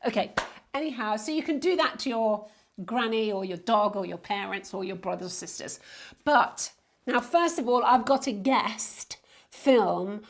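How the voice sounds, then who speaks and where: A woman's voice: mid-range voice, vocal fry. A woman minister hosting a children's show, talking in a playful, exclaiming way. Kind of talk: lively children's presenting.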